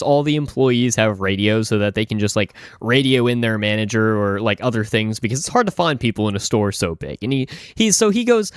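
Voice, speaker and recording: Animated young-sounding man telling a story. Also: mid-range voice, no room sound, studio quality. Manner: chatty, lots of "like", animated asides. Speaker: storytime narrator. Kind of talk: casual storytime narration.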